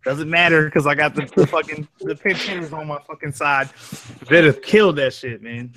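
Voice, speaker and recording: A man's voice: fairly high pitch, moderate pace, sharp tone. A young man, a fellow story narrator, chatting casually, slangy and profane, joking and trailing off. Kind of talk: casual chat.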